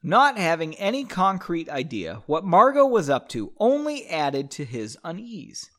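A podcast host with a fairly high, bright voice reads fan fiction aloud at an unhurried pace, his pitch swinging hugely. He breaks off with sarcastic, profane asides and jokes.

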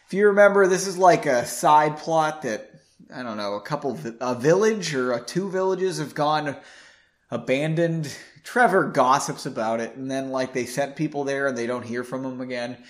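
A man's voice: medium pitch, moderate pace. A man reading a story aloud and breaking off into sarcastic, laughing commentary. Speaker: reader.

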